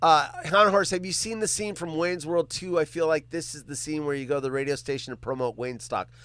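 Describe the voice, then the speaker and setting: A man hosting a casual livestream, reading viewer comments out loud, joking around and swearing freely. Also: fairly high pitch, fairly even intonation, a little fast, clear, resonant tone, dry recording. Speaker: livestream host.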